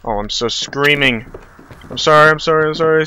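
A young man commentating his own horror game playthrough, muttering nervously while exploring and yelling in panic when chased. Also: fairly high pitch, brisk, slight background noise, rough recording. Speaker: gaming channel host.

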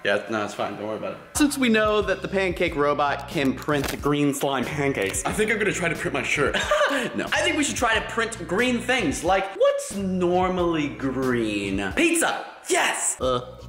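A man hosting a casual home vlog, excitable and exclaiming often. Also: on the high side, normal speed. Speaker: vlogger host. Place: indoors at home. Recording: echoey room, faint music.

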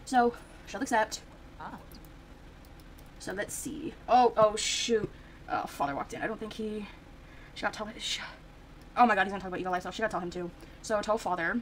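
A woman talks her way through a life-sim game in a loose, chatty ramble, trailing off into fillers and starting her sentences over. Her voice sits at an ordinary middle pitch. A faint hiss runs under the recording. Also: fairly quick, pauses often, poor audio. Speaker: gaming video creator. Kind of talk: casual gameplay commentary.

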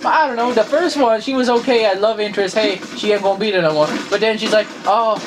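A young man playing a video game with a friend, excitable and joking around in casual chat. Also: high-pitched, quick pace, over music. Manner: excitable, jokey, breaks into silly bits. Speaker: gamer. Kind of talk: casual let's play chat. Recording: noisy home recording.

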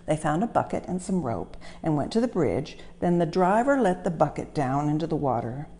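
A woman reading a children's story aloud as a museum storyteller, gentle and expressive. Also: low voice, moderate pace. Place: railway museum.

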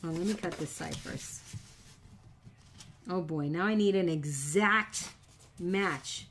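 Fairly low-pitched and a bit bright, a middle-aged woman's voice takes its time over a little hiss or hum. She's hosting a casual papercraft demo, chatting with viewers and joking nervously about her own mistakes.

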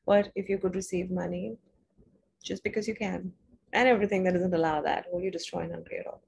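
A woman leading viewers through a guided money exercise on a live stream, talking in a soothing, repetitive coaching way with soft laughs. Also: on the low side, steady tone, brisk, gravelly, breathy edge.

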